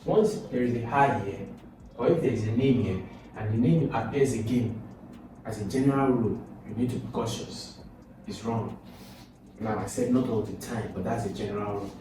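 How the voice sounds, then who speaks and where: A man's voice: fairly low pitch, normal speed, recorded from a distance, background noise. A man teaching exam questions step by step, repeating points and asking and answering his own questions. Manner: repetitive, coaxing, asks and answers own questions. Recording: echoey room, voice from off mic.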